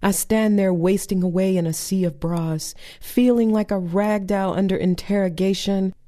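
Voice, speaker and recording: A woman's voice: fairly low pitch, mellow. Sardonic woman performing spoken word. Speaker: poet.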